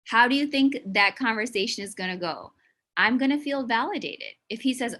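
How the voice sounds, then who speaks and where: A woman presents an educational talk in a bright, clear voice, speaking earnestly and pressing her points. She keeps it conversational, leaning on easy fillers as she addresses listeners she can't see. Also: fairly high pitch, animated, normal speed. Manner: earnest and emphatic, with frequent "you know" and "like". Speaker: presenter of a mental health talk.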